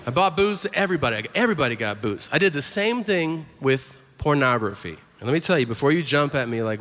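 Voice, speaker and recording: A man's voice: fairly high pitch, animated, fast, hardly any pauses. A man doing stand-up comedy, swearing and acting out dialogue in voices as he tells a story on a comedy stage. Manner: profane, acts out dialogue voices. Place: comedy stage before a laughing audience. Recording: live hall with loud crowd ambience.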